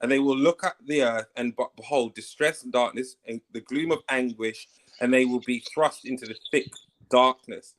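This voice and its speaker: A man argues his point on a live online panel and reads long scripture passages aloud. His voice sits at an ordinary middle pitch. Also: moderate pace, low-quality recording. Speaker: panel debater. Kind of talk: casual online debate.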